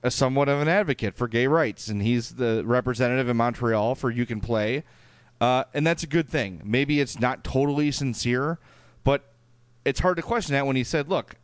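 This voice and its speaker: A man with a thick Chicago accent co-hosts a casual podcast, reading listener emails aloud and stopping for uhs and ums along the way. His voice is smooth and resonant, sitting at a middling pitch. The recording is close and dry. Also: moderate pace, no room sound. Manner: reads listener emails aloud, hedging with fillers. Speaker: podcast co-host.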